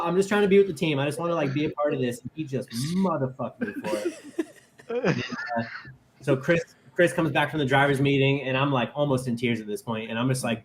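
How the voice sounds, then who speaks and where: A man's voice: medium pitch, quick pace, a little hiss or hum. A man in his thirties, a guest telling a casual story, acting out the voices he quotes and saying "like" a lot. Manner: animated, acts out quoted voices, many "like" fillers.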